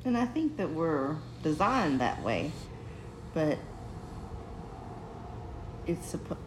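Woman, deep for a woman, lively intonation, measured scripture reading. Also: echoey room, a little hiss or hum, rough recording. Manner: reads Bible verses aloud in a measured way.

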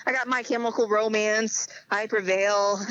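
A woman's voice: mid-range voice, steady tone, moderate pace, fairly bright tone, dry recording. A young woman chatting as an interview guest, full of filler "like", acting out quoted conversations with others. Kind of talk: casual chat. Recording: slightly dull lo-fi sound.

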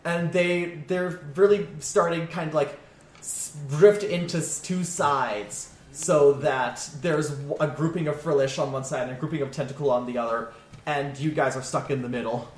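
A man running a tabletop game as game master, casual and halting. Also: fairly high pitch, fairly even intonation. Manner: casual, halting, laughs often. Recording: echoey room, faint noise.

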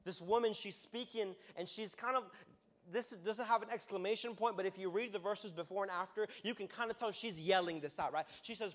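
A man preaching as a youth pastor in a sermon, talking in a loose, conversational way that breaks into loud, emphatic bursts. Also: high-pitched, brisk. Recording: long hall reverb.

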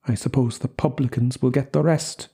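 A man voicing a worried, bitter mother who mutters distractedly, in a higher voice than his narration. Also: fairly even intonation, moderate pace, vocal fry, dark tone, husky. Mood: distraught.

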